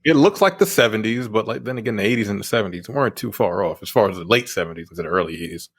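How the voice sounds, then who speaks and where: Husky-voiced man laughing through film talk. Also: on the low side, lively intonation, very fast. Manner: laughing, profane, reacting with disbelief. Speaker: film review podcast co-host. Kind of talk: casual film review chat.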